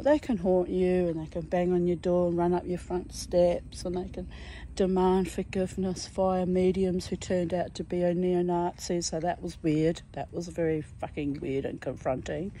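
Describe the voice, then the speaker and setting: A woman with a New Zealand accent, telling a story in a slow, intense casual monologue with dark humor. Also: on the low side, flat delivery, a little hiss or hum, poor audio.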